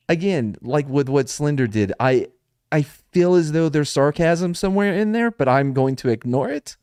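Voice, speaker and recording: A man's voice: a little high, expressive, moderate pace, a little mellow, clean tone, no room sound, clean studio sound. A young man hosting a podcast in a rambling, joking casual chat, laughing often. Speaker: podcast host.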